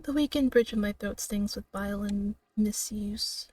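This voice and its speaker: A woman streamer reading a narrative game aloud in a slow, dramatic way, now and then breaking off with laughs and asides. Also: medium pitch, dark tone, no room sound, distant mic.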